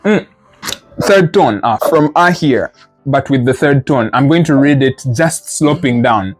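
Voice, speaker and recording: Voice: medium pitch, expressive, a little slow, soft background music. A Mandarin teacher leading a live group lesson, patiently correcting students and explaining with playful imagery. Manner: models sounds, then explains with playful imagery.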